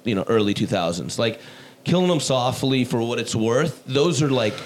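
Casual male podcast host, easygoing storyteller, mid pitch, faint hiss behind. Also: lively intonation, normal speed. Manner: laid-back storytelling, swears casually.

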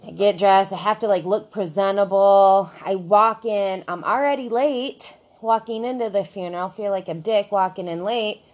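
A woman on a podcast telling a story about herself in casual chat, animated and self-mocking, swearing freely. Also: medium pitch, normal speed.

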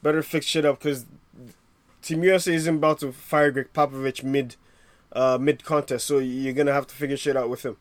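A man's voice: mid-range voice, level tone, brisk, no echo. A man co-hosting a sports podcast in casual chat, rambling with many fillers and restarts. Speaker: podcast co-host.

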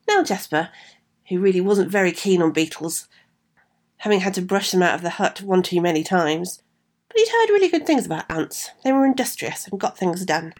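Woman, slightly low, reads fairy tale aloud, friendly asides. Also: very animated, normal speed, darkish tone. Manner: chatty asides to listeners. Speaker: storyteller.

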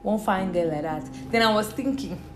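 A woman's voice: mid-range voice, normal speed, background noise. Playful Nigerian woman podcasting in an echoey room. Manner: playful, chatty, jumps between loud bursts and quiet asides. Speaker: podcast host. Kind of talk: casual solo podcast chat.

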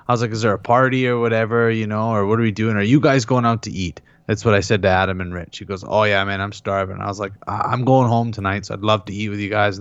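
Low-voiced man telling a story. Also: clean tone, no room sound. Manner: animated retelling, quotes others in their voices. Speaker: podcast co-host. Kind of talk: casual storytelling chat. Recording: dull, dry lo-fi sound.

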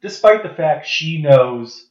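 A man co-hosting a casual podcast, relaxed and hesitant with lots of fillers. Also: a little high, slow. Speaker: podcast co-host. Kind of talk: casual chat. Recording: echoey, dull lo-fi sound.

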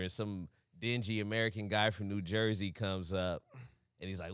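A man's voice: fairly low pitch, normal speed, a bit bright, clear, resonant tone, no room sound, studio quality. A man co-hosting a podcast in casual chat, teasing his friend and laughing often. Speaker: podcast co-host.

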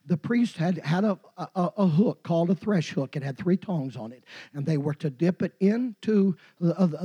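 Husky-voiced preacher shouting emphatically. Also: male voice. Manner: emphatic, swinging between low storytelling and shouting. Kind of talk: sermon.

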